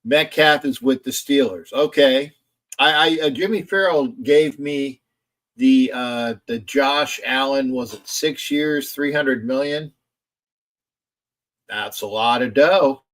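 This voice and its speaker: A man's voice: medium pitch, slow pace, a bit bright. A man hosting a casual live stream about football, rambling, reading chat messages aloud and arguing back at them from a home setup in front of a camera. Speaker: sports streamer.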